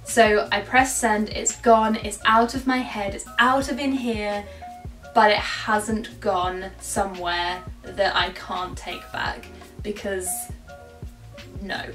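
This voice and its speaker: A woman's voice: medium pitch, fairly even intonation, takes it slowly, a bit bright. A young woman giving chatty, self-mocking advice to camera in a vlog. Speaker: vlogger. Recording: echoey room, mic at a distance, faint music.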